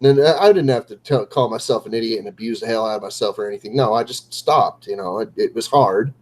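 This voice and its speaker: A man's voice: lowish voice, quick pace, poor audio. A man chatting casually on a late-night livestream, rambling and poking fun at himself with lots of fillers. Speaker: co-host of a livestream.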